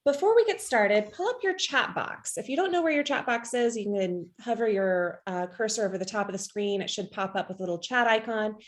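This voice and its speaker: A woman's voice: medium pitch, lively intonation, brisk, hardly any pauses. A woman hosting an online workshop over a video call, laughing easily and talking openly about her worries. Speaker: workshop host. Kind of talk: casual chat, then hosting an online workshop.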